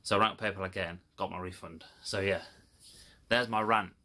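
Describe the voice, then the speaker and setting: A man's voice: low voice, fairly even intonation, fairly quick, sharp tone. Exasperated man ranting. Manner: swearing, exasperated storytelling. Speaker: video creator. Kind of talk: casual rant to camera.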